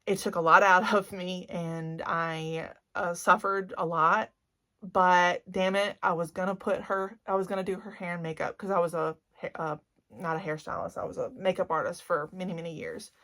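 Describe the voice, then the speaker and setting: A woman's voice: lowish voice, fairly even intonation, moderate pace, sharp tone. A woman in her forties with a Cajun Louisiana accent, chatting candidly and gushing emotionally as a beauty vlogger. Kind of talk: candid vlog chat.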